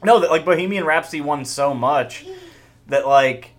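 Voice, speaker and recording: A man's voice: fairly high pitch, normal speed. A man co-hosting a podcast, chatting casually and crudely, swearing a lot and laughing often. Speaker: podcast co-host. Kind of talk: casual profane chat watching TV.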